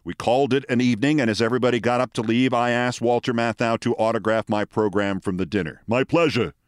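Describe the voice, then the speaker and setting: Male host, sixties, Bronx-born, with a neutral accent. Dry, deliberate storyteller with a dead studio sound. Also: mid-range voice, fairly even intonation, clean tone, no room sound. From the Bronx, New York. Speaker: host, commentator. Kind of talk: scripted storytelling monologue.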